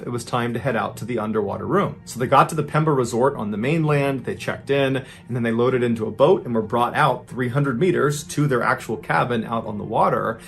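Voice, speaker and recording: A man's voice: medium pitch, gravelly. A man hosting a podcast, narrating a true story in a dramatic storytelling style, his voice rising and speeding up as the tension builds. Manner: builds tension, voice rising and quickening in tense moments.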